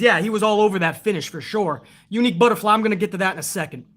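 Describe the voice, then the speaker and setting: A man races through his words in a high, fairly bright voice as host of a wrestling review livestream. The commentary is casual and profane, full of ranting and chat messages read aloud.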